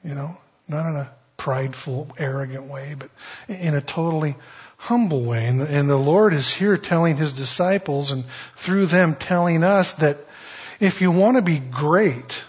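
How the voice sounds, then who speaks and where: A man's voice: fairly high pitch, normal speed, breathy edge. A man preaching a conversational sermon, telling a story in a folksy way with many restarts and acted-out quotes. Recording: dull lo-fi sermon recording.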